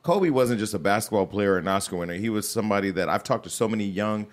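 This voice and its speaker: A man's voice: lowish voice, lively intonation, fast talker. A man hosting a casual interview, putting direct, probing questions to his guest.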